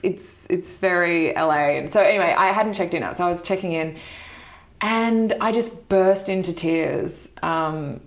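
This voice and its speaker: An actress, a woman, telling a story in casual conversation as a podcast guest, animated and laughing often mid-sentence. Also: on the low side, a little slow.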